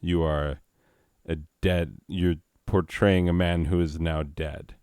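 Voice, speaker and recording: A man's voice: low-pitched, steady tone, slow pace, darkish tone, clear, resonant tone, dry recording, clean studio sound. Exasperated sarcastic male host. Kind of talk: comedic banter.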